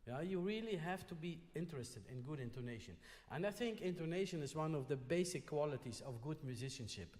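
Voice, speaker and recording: Guy teaching trumpet in a big echoey hall, fairly high voice, keeps going "yeah?". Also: expressive, a little fast, hardly any pauses, darkish tone. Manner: patient, frequently checks in with "yeah?". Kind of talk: masterclass coaching. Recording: long hall reverb.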